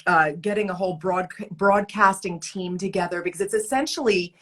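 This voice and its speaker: Animated woman telling stories on a video call. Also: medium pitch, brisk. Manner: animated storyteller, emphatic and exasperated. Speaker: guest, event entertainer and author. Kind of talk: casual interview chat. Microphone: remote video call.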